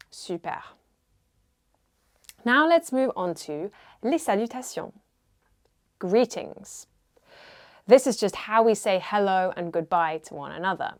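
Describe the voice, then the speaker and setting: A woman's voice: medium pitch, lively intonation, measured pace, clear, resonant tone. A woman teaching a beginner French lesson, carefully modelling pronunciation and repeating words for learners. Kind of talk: language lesson.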